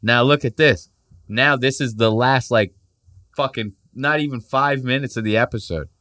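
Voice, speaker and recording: Crude, mocking young man with a bright voice. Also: mid-range voice, moderate pace, no echo, clean studio sound. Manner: crude, mocking, jokey, swears freely. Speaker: podcast host. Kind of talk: casual reaction commentary.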